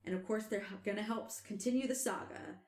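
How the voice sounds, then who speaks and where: A woman hosting a podcast, telling a story in casual chat, animated and quick to laugh. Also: mid-range voice, echoey room. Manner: animated, laughs often, trails off and restarts. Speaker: podcast host.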